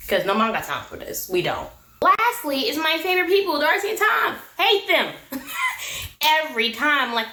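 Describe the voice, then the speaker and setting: A woman's voice: fairly high pitch, sharp tone, reverberant. A young woman hosting a casual reality TV recap, sassy and exasperated. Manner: sassy, exasperated, quoting people in mock voices. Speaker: TV recap host.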